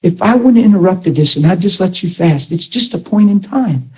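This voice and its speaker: A man voicing God as a calm, low, fatherly presence who gently corrects him, on a dull lo-fi recording. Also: a little fast, husky, full character voice.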